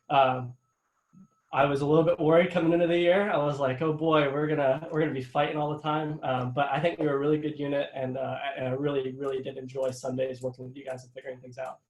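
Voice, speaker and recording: A man's voice: mid-range voice, a little mellow. Young man giving an informal farewell speech on a call. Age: young adult. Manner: informal, halting, full of fillers and thanks. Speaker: student government vice president. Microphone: video call. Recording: roomy echo over a video call.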